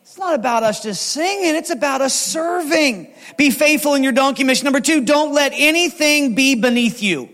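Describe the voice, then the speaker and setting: A man delivers a sermon as lead pastor, his voice high for a man. He tells stories with animated energy. The sound carries a long reverb, as in a church hall. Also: normal speed. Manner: animated, storytelling with acted quotes.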